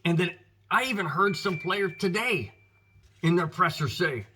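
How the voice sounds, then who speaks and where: A man's voice: sits high, animated, unhurried, a bit bright, a little hiss or hum. A man with an American accent hosting his own football show, giving emphatic, frustrated commentary and talking straight to his viewers. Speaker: sports podcast host.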